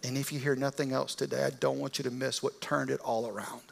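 This male pastor's Easter sermon tells the story dramatically, dropping to near whispers and then rising to loud passion. His mid-range voice has vocal fry, and he talks fast with a flat delivery.

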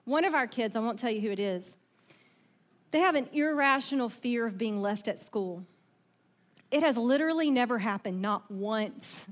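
A woman pastor preaching a sermon in a conversational, animated way, asking her listeners questions and acting out voices from the story. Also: a little high, moderate pace. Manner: acts out quoted voices in the story.

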